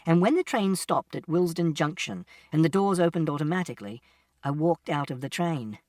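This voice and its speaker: A man's voice: a little high, a little fast, darkish tone, dry recording. A man reading a novel aloud in the first person, giving a plain, literal, step-by-step telling. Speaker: audiobook narrator. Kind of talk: first-person audiobook narration. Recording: distant mic, dry sound.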